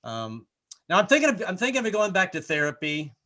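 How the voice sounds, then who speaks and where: A man's voice: high-pitched, very animated, fairly quick, pushed and bright. A man doing a rambling stand-up comedy set, stumbling over his words and repeating himself. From Irish. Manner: rambling, self-interrupting, puts on character voices.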